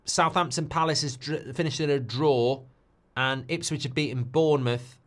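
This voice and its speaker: A man hosting a live football watchalong, chatty and animated, with quick asides about the scores. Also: mid-range voice. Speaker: host.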